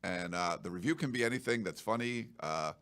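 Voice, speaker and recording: A man's voice: fairly low pitch, lively intonation, fairly quick, fairly bright tone. A man hosting a studio podcast, chatting in a loose, rambling, joking way. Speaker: podcast host. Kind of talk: casual chat.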